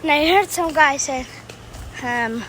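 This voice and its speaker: A woman rambling in a jokey, excitable vlog, filmed on a handheld phone at an outdoor park. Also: high voice, slow pace, a little hiss or hum. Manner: jokey, excitable, blurts out squeals and exclamations. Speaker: vlogger. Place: outdoor park on a sunny day.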